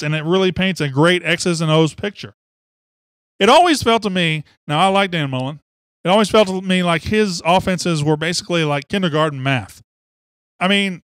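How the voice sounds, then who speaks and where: A man's voice: on the high side, no echo, clean studio sound. A man hosting sports talk radio, fired up and opinionated, rambling from one take to the next.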